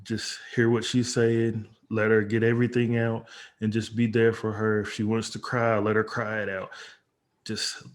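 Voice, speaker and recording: This man talks in an earnest, measured way while co-hosting a casual chat. His pitch stays flat and level, with very little rise and fall. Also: slight background noise.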